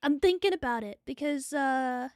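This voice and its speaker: Excitable New Zealand woman streamer, high bright voice, slightly breathless, dry mic. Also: moderate pace, no echo. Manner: excitable, chatty, swears freely. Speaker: VTuber streamer. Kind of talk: live stream chat.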